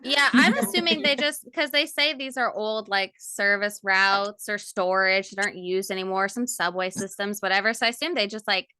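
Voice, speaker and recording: A woman's voice: mid-range voice, fairly even intonation, normal speed, few pauses, bright, forceful tone, clear, resonant tone, no echo. A woman co-hosting a casual movie review podcast, blunt and swearing casually as she animatedly retells scenes. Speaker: podcast co-host.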